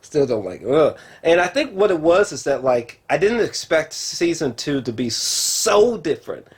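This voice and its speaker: A man's voice: a little high, measured pace, husky. A man reviewing a TV show in a casual, rambling way, full of fillers and swearing, talking to a camera at home. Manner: rambling, profane, lots of fillers; excitable, talks straight to camera. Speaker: film and TV reviewer.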